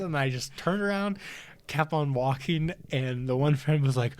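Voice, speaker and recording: A man's voice: a little high, moderate pace. A young man from Ohio with an American accent, co-hosting a podcast and telling a casual story, swearing freely and acting out what people said. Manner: animated, swears freely, acts out quotes. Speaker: podcast co-host.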